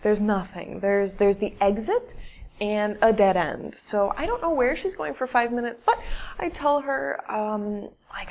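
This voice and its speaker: A woman telling a personal story in a shy, halting way, with restarts and dramatic pauses. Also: medium pitch, a little mellow. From English-speaking foreigner living in Russia. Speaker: English teacher telling a story. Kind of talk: casual spoken storytelling.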